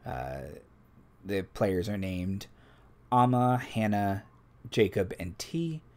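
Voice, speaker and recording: Man reading game rules aloud, low-pitched. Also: takes it slowly, a little mellow. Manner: reads rules aloud with asides to the chat. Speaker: game master and stream host.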